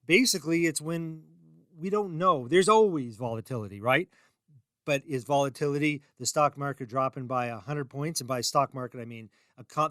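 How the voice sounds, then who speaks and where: A man's voice: medium pitch, sharp tone, no room sound, studio quality. A middle-aged man hosting his own radio show, talking in a chatty, rambling, self-deprecating way with emphatic rises. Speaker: radio show host and reverse mortgage salesman. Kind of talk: casual talk radio monologue.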